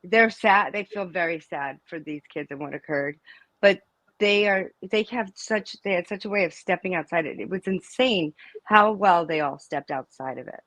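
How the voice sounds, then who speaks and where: Middle-aged woman, guest telling a story; lowish voice, emphatic, dry close recording. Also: moderate pace, a bit bright, no room sound, poor audio. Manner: emphatic, storytelling, with many restarts. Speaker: interview guest, mother of a student. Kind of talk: casual interview conversation.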